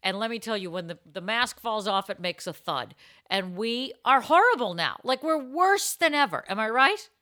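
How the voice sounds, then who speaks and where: A woman co-hosting a podcast, telling animated, joking stories in casual chat. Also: a little high, moderate pace. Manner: chatty storyteller, animated and joking. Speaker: podcast co-host.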